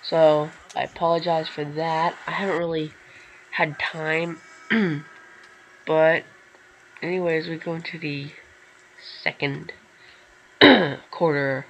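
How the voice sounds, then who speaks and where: Guy doing slow laid-back play by play of his own game, gets excited, keeps clearing his throat, bit of hiss in the background. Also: on the high side, low-quality recording. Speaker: gaming commentator. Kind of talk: casual gameplay commentary.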